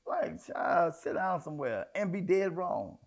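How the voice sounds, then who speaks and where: Gravelly high-voiced man preaching. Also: big pitch swings, a little slow. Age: middle-aged. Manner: conversational preaching with sudden emphatic outbursts. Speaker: pastor. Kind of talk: sermon.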